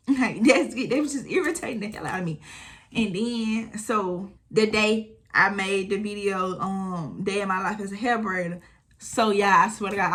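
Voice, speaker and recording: A young woman, telling a storytime vlog in a casual, animated way, acting out what people said. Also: mid-range voice. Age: 20s. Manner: animated retelling, acting out quotes, frequent swearing. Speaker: storytime vlogger.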